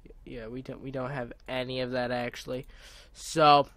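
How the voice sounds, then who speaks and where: A man giving casual, excitable commentary while playing a video game, talking to himself and bursting into cheers, his voice cracking now and then. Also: medium pitch, normal speed. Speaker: gaming video creator. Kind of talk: casual let's-play commentary.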